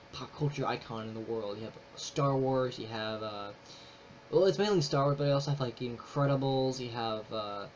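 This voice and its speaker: A man casually reviewing a movie, rambling with many fillers and restarts, enthusiastic. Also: medium pitch. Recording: slightly dull with faint noise.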